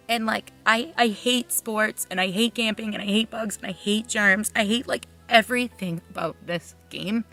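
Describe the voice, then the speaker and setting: A woman's voice: fairly high pitch, normal speed, creaky, few pauses, pushed and bright, soft background music. A woman speaking as a reality game contestant in a candid confessional, frank and blunt, swearing freely.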